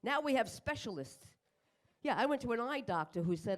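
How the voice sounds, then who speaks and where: A woman's voice: a little high, lively intonation, a little fast. An older woman doing a stand-up comedy set on a club stage, with brash, profane, self-mocking punchlines. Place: comedy club stage in front of a live audience.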